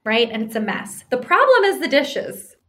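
A woman with a somewhat high voice explains relationship advice in a relaxed, conversational way. She is animated and slips into acted-out bits of arguments, and she keeps checking in with a quick "right?". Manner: animated, acts out example arguments.

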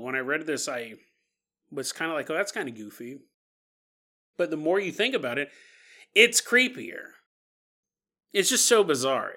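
A male podcast host with a high, bright voice tells an eerie story in a loose, casual way. He is animated and jokey and laughs often. His energy stays playful even on creepy details.

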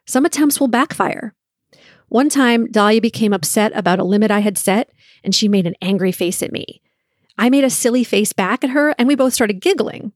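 A woman's voice: a little high, normal speed, dry recording, clean studio sound. A woman in her forties hosting a solo podcast, telling parenting stories and acting out the lines she said. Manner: storytelling, lively when acting out quotes.

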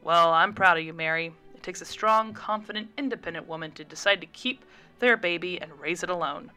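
A woman's voice: fairly low pitch, a little fast, sharp tone, soft background music. A woman voicing a friendly young man who speaks earnestly and gets a bit flustered. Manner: earnest, slightly flustered delivery.

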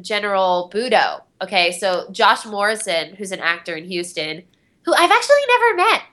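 A woman's voice: mid-range voice, big pitch swings, normal speed, a bit bright. A young woman, a voice actress on a panel, telling rambling stories with lots of fillers and giggles. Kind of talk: casual convention panel talk.

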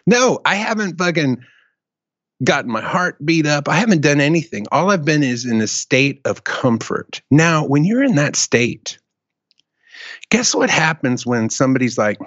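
A man hosting a casual talk show, telling a profane, animated story in a rant. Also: on the high side, normal speed, no echo, lo-fi sound. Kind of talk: casual chat.

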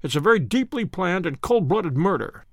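A man voicing a calm, confident male detective who explains his findings in a measured way. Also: sits high, dry recording, studio quality. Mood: explaining.

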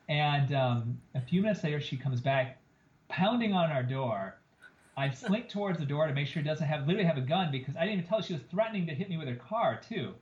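A man who is a plastic surgeon, telling an animated story as a guest on a podcast interview. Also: fairly high pitch, fast. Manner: animated storyteller, acts out quoted lines. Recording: roomy, slightly dull podcast audio.

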